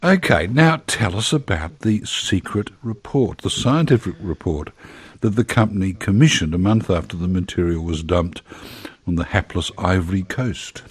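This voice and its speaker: Deep husky male radio interviewer. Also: lively intonation, normal speed. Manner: conversational, reacts with quips and exclamations.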